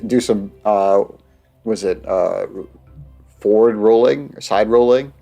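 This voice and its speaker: A man's voice: lowish voice, takes it slowly, creaky, mellow, soft background music. A man hosting a let's play, reading game text aloud and chatting casually, stumbling over words and laughing often.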